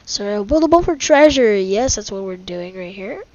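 A woman hosting a casual gameplay video at home, reacting excitably and bickering in exasperation with a friend who keeps teasing her. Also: mid-range voice, normal speed, no echo. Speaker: gaming video host. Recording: dull lo-fi mic.

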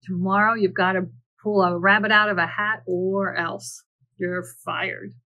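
A woman's voice: mid-range voice, flat delivery, a little slow, highs cut off, natural voice. A woman voicing a stern, impatient male theater manager in a picture book read aloud.

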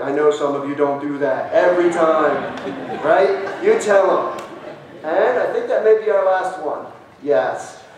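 A man, a pastor, giving a children's message in church, talking in a lively way and asking the children questions. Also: fairly high pitch, slight background noise. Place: church sanctuary. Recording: very echoey church from far off.

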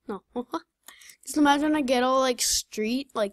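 A young woman chatting casually while playing a game, excitable, blurting out reactions and laughing. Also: high voice, moderate pace, no room sound, clean studio sound. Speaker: gamer. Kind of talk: casual gaming chat.

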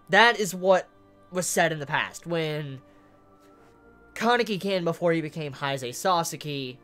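A man's voice: on the high side, a bit bright, smooth. A man casually reviewing a manga chapter who gets openly worked up and swears as he talks.

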